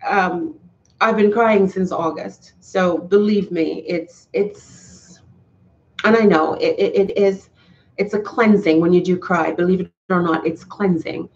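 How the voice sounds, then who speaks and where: A woman talking to her viewers in a casual live stream, heartfelt and earnest, often restarting her sentences. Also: on the low side. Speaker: YouTuber talking to live chat. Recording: slightly dull, lo-fi sound.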